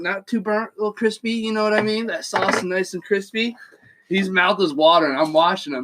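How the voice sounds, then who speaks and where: High-voiced animated man telling a story. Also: a little hiss or hum, poor audio. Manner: animated storyteller, laughs often, swears. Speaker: podcast co-host. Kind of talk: casual storytelling chat.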